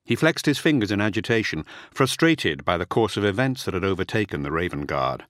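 A middle-aged man reads a dramatic audiobook in a low voice that rises and falls a lot. His delivery is measured, and the recording is close and dry. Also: big pitch swings, fairly bright tone, dry recording. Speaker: audiobook narrator. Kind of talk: scripted audiobook narration.

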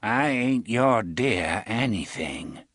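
A man's voice: lowish voice, expressive, takes it slowly, fairly bright tone, no room sound, studio quality, full character voice. A man voicing a menacing older gunman with a wavery, sneering voice in an audiobook. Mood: curt. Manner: sneering, mocking. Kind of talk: audiobook character voice.

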